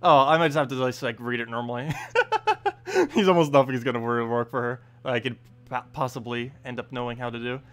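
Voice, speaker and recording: Lively, chatty young man streaming. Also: medium pitch, brisk. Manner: chatty and self-deprecating, laughs often. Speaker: game streamer. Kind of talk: casual live-stream commentary.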